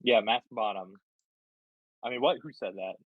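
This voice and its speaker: Husky low man on a lo-fi call. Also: moderate pace. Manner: joking, teasing the chat. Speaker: guest on a call. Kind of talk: casual chat.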